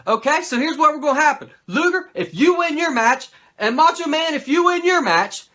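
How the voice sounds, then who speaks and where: A man putting on a brash, cocky male wrestler, talking loud, high and pushy. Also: lively intonation, normal speed, full character voice.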